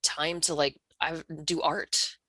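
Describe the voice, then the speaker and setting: A woman's voice: low voice, level tone, slow, sharp tone. A woman sharing candidly in a casual peer talk, swearing a lot and often restarting her sentences. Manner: raw, heavy swearing, frequent restarts.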